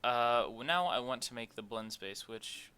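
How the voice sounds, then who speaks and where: A young man hosts an unscripted, screen-recorded game development tutorial, thinking aloud and using lots of fillers as he works. His voice sits at a medium pitch and sounds animated, pushed and bright, with a clear, resonant tone. He talks at a normal speed.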